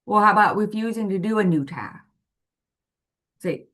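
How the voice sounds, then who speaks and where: A woman's voice: medium pitch, lively intonation, normal speed, fairly bright tone. A woman presenting to parents in a patient, explanatory way, walking through everyday examples. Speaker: parent guide presenting to families.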